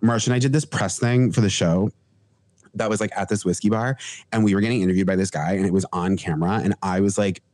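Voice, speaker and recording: A man's voice: lowish voice, fairly even intonation, quick pace, a little mellow. A man hosting a casual podcast chat, rambling with lots of filler words and comic complaining. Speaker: podcast host.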